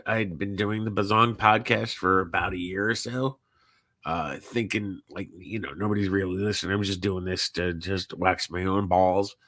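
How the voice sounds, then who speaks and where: A man hosting a podcast in a loose, rambling way, filling gaps with "uh" and dropping swear words. His voice is bright and forceful on a somewhat low pitch, recorded dry and close. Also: no room sound. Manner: rambling, profane, full of fillers. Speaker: podcast host. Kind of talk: casual live-streamed farewell talk.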